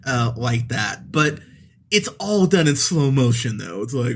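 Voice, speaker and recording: A man's voice: medium pitch, big pitch swings, measured pace. A man co-hosting a movie review podcast, talking casually and profanely, often laughing mid-sentence. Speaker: podcast host.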